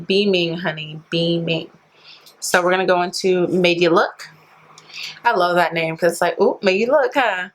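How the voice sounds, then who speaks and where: A woman's voice: on the low side, poor audio. A woman beauty vlogger chatting casually through a product review, filling her talk with "like" and playful slang. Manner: chatty, says "like" constantly; playful slang, calls viewers sis and honey.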